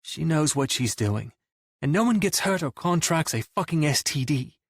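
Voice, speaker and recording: A cocky young drummer, as a male narrator puts him on, breezy and wisecracking, lifted well above the narrator's own register. The voice keeps a husky edge. The recording is dry. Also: fairly high pitch, big pitch swings, a little slow, no echo, pitched above the performer's own voice. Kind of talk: audiobook character voice.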